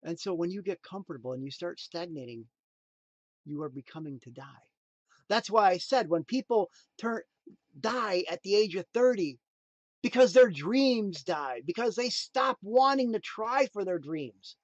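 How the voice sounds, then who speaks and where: A man giving a motivational talk in a preachy, emphatic way, swinging between loud punchlines and quiet asides. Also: high voice, animated, normal speed, dry recording, dull audio. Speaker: motivational speaker.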